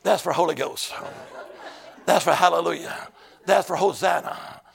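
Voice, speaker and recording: A man preaching as an evangelist in a church, shouting in rhythmic bursts and breaking into tongues. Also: on the high side, normal speed, creaky. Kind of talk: sermon. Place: church with a keyboard player.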